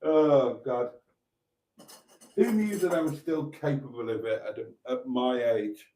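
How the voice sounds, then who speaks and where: Reading comments in casual late-night chat, the middle-aged livestream host has a mid-range, mellow voice and a measured pace. Though tired, he stays cheeky and chatty, with frequent laughs.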